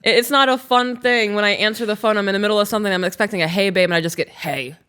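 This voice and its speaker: A young adult woman chatting on a podcast, breaking into laughter and acting out little quoted exchanges. She talks at an ordinary middle pitch and keeps it easygoing and candid. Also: steady tone, racing, pushed and bright, clean tone. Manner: laughs often, acts out quoted lines. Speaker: podcast co-host. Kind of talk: casual chat.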